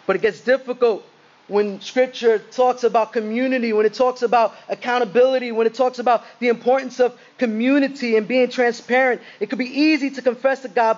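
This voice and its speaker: A male pastor giving an earnest, conversational sermon to his congregation, often asking rhetorical questions. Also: sits high. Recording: muffled lo-fi recording.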